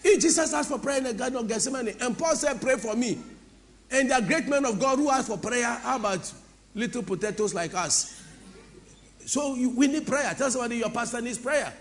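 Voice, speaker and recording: A woman's voice: a little high, animated, fairly quick, slight background noise. Impassioned woman pastor preaching. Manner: impassioned, repetitive, swings from soft to loud, sing-song. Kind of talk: preaching a sermon with call-and-response. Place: church before a congregation.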